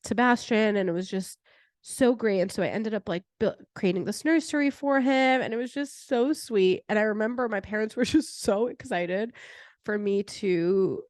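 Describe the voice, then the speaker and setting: A young adult woman hosting a podcast, telling a personal story in a chatty, animated way with many "like" fillers. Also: medium pitch, normal speed, dry recording, studio quality. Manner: chatty, heavy use of "like" fillers; animated retelling with laughter. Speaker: podcast host.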